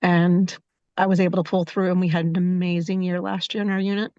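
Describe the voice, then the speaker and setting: Woman, lowish voice, flat delivery, dull dry sound, soft-spoken, halting. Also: dry recording. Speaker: workshop participant, unit leader. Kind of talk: casual sharing in an online meeting.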